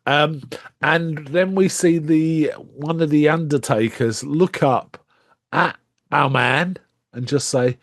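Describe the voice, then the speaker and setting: Man retelling a film plot, slightly high voice. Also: slow pace, no room sound, clean studio sound. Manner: retells plots at length, acting out quoted lines and chuckling. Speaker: podcast co-host. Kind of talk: casual film discussion.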